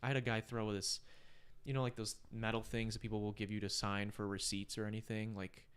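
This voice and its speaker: A young man in casual podcast chat, telling stories with lots of swearing and sudden jumps into high voices for quoted lines. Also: flat delivery, brisk, fairly bright tone, clear, resonant tone.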